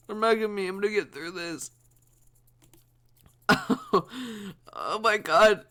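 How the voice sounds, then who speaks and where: Gaming streamer, slow talk, crying with laughter, breathless, swearing, giggly. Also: mid-range voice, sharp tone. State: laughing to tears. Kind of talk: let's play commentary.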